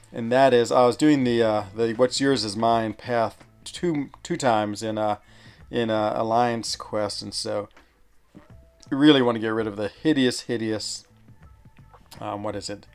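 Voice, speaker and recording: A man streaming a mobile game, chatting casually and rambling, often stopping with fillers to search for words. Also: mid-range voice. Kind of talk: casual live-stream chat.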